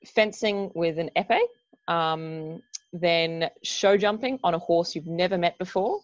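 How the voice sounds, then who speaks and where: In a lo-fi recording with no echo, an Australian woman in her twenties, a guest athlete, talks casually in an interview, frequently laughing and making fun of herself. Her voice sits on the low side.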